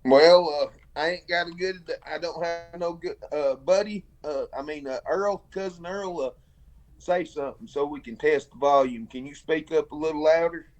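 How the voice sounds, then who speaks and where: Halting man on a phone call. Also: on the high side. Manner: halting, full of fillers and restarts. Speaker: caller. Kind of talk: casual chat.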